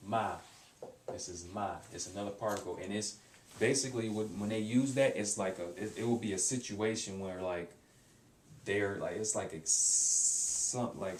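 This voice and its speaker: A man teaching a casual language lesson, halting and repeating words, with many fillers as he explains. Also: fairly low pitch, a little hiss or hum. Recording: echoey room, mic at a distance.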